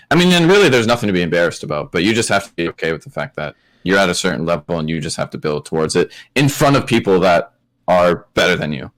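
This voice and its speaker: A man from Canada with a low, deep voice co-hosts a casual podcast. He tells a story in a laid-back way and drops swear words freely. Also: very animated, quick pace, a bit bright. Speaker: podcast co-host.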